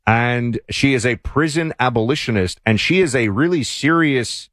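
A man's voice: mid-range voice, expressive, moderate pace, fairly bright tone, dry recording, studio quality. A man hosting a talk show, giving sardonic, opinionated commentary that rambles with frequent restarts.

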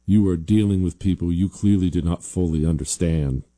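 A man hosting a political talk radio show, mocking and sarcastic, pitching up into loud jeers. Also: moderate pace. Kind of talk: political talk radio monologue and live ad read.

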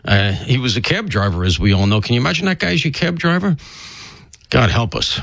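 Chatty, animated man hosting talk radio. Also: medium pitch, a little fast, creaky, no room sound. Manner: chatty, self-deprecating, riffing with jokes and asides. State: congested with allergies. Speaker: fill-in radio talk show host. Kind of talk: casual talk radio monologue.

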